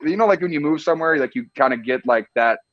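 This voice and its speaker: Fast-talking young man, casual. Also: fairly high pitch, expressive, dry recording, highs cut off. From Iowa, US Midwest. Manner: laid-back, peppered with "like" and "dude". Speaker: podcast guest, tight end. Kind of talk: casual chat.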